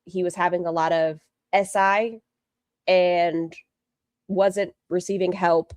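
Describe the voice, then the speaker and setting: A woman's voice: fairly low pitch, fairly even intonation, slow pace, dry recording, clean studio sound. A woman streamer giving casual livestream commentary, blunt and profane with a rambling delivery. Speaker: streamer commenting on online drama.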